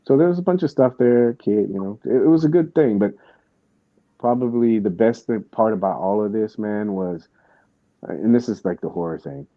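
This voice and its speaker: Animated and speaking at a normal speed, this podcast host has a fairly low voice and rambles through a casual story, frequently restarting and drifting into asides. The sound is dry and phone-quality.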